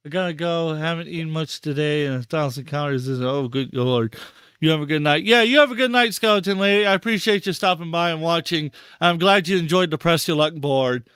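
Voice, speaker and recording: A man's voice: on the high side, brisk, fairly bright tone, clear, resonant tone, dry recording, studio quality. A man hosting a live stream, talking casually and repeating himself in disbelief, stammering for words. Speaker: podcast host and streamer.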